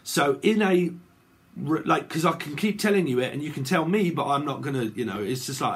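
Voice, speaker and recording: A man's voice: fairly high pitch, animated, fairly quick, breathy edge. A man giving a casual tarot reading to his viewers, rambling and checking in with "okay" and "right" again and again. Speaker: tarot reader.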